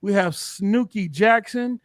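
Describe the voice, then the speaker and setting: Male podcast host, high voice, easygoing banter, dry close mic. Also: takes it slowly, no echo. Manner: laughing, shouting out chat names. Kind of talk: casual gaming podcast chat.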